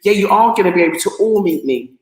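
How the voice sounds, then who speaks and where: A woman chats her way through a live stream, greeting viewers one by one as she reads out their comments. She sounds excitable and laughs easily, and she trips over unfamiliar names as she goes. Her voice carries a roomy echo. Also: medium pitch, fast talker. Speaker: livestream host reading viewer comments. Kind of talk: casual live stream chat.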